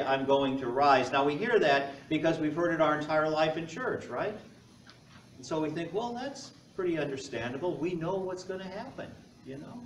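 Joking pastor preaching in an echoey church. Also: male voice, fairly high pitch, distant mic, a little hiss or hum. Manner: conversational, joking asides to the congregation. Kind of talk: sermon. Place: church sanctuary. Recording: echoey church heard from afar.

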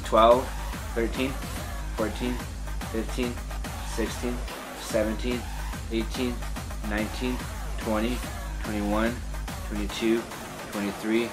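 A young man rambling to his webcam in a casual home vlog, hesitant and full of fillers and restarts. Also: lowish voice. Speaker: vlogger. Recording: music playing behind.

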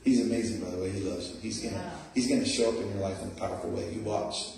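A middle-aged male preacher giving an animated, laughing sermon in a church, often calling out "Amen?" to the congregation. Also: lowish voice, rapid-fire, creaky, slight background noise. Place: church sanctuary. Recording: very echoey room, voice picked up from a distance.

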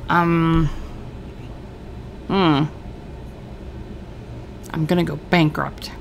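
A woman hosting a let's-play, musing aloud to herself as she weighs choices. Her voice is gravelly, with faint noise in the recording. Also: on the low side, lively intonation, normal speed, pauses often. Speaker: gaming host.

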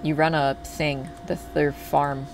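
A man's voice: fairly high pitch, flat delivery, takes it slowly, vocal fry, background noise. A man streaming a video game, chatting casually to his viewers and swearing freely when things go wrong. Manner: chatty, talks to chat, swears when upset.

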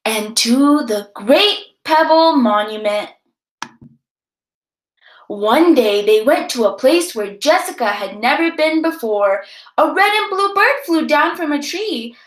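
Brief: high-voiced woman teacher, expressive read-aloud, echoey room. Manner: expressive storytelling, guiding pauses.

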